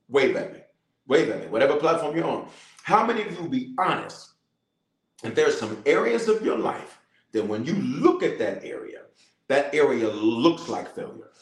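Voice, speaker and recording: A middle-aged bishop leading a livestreamed prayer, repeating phrases and calling on viewers to respond. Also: male voice, medium pitch, slight background noise. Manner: animated preacher, repeats phrases, calls for responses. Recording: roomy echo.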